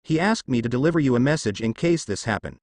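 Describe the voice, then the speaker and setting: A man's voice: medium pitch, expressive, quick pace, a little mellow, no room sound, studio quality. A man voicing a small, loyal male fox summon who reports formally and respectfully. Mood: dutiful.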